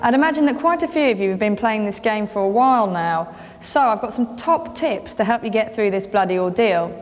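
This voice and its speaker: A woman's voice: mid-range voice, lively intonation, fairly quick, in a large hall, muffled recording, faint music behind. A woman presenting a video game TV show with a sarcastic, mocking manner. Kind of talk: scripted presenting.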